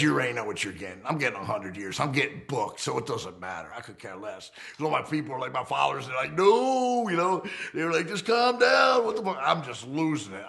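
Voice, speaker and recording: A middle-aged man with a gravelly, creaky voice tells his stories bluntly, cursing freely. His pitch sits in a plain middle range. He jumps into shouting bursts when he acts out fights. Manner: profane, blunt, re-enacts heated confrontations with swings in pitch and loudness. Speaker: documentary interviewee recounting his past. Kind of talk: unfiltered storytelling in a fireside chat.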